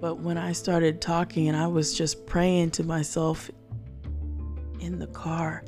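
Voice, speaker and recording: Woman podcast host, low voice, earnest devotional pep talk, repetitive preaching cadence. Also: little pitch movement, slow pace, a little mellow, faint music behind. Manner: earnest preaching, repeats phrases for emphasis.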